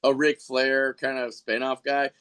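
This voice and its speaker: A man's voice: mid-range voice, level tone, a little slow, fairly bright tone, smooth. A middle-aged man chatting casually as a podcast guest, rambling through stories with frequent laughs. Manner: rambling, laughs often, mimics people in quotes. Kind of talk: casual chat.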